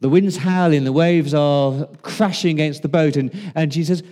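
A man delivers a sermon in a mellow, relaxed voice that sits a little high. He talks to the congregation like a friend, throws out rhetorical questions and pauses for effect. He slips into quoted lines with a shifted voice. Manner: conversational preaching with rhetorical questions and dramatic pauses. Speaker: pastor.

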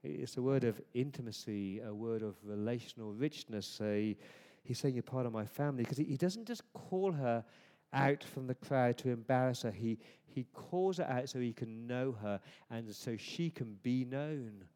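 A man preaching a conversational sermon, dropping to a hush at times and rising to emphatic points. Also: medium pitch, normal speed, hardly any pauses. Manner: conversational, swings from hushed to emphatic. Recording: long hall reverb.

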